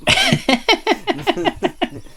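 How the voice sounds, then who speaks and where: A man's voice: very high voice, huge pitch swings, very slow, creaky, a crowd in the background. A man hosting a podcast in rambling, jokey casual chat, laughing often. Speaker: podcast host.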